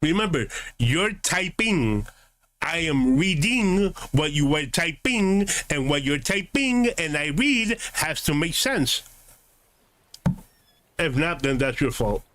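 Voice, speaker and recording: A man's voice: a little high, very animated, slow, fairly bright tone, no echo. A man streaming a game, answering his live chat in a combative, sarcastic, lecturing way.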